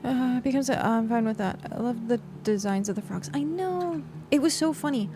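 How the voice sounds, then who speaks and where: A woman's voice: on the high side, moderate pace, over music. A woman game streamer in casual, rambling livestream chat, thanking viewers and talking while she plays. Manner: chatty and rambling, with frequent fillers.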